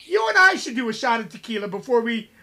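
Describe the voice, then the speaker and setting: A man's voice: very high-pitched, sing-song, fast, sharp tone. A man co-hosting a podcast in casual chat, joking and teasing, cutting in with puns. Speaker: podcast co-host.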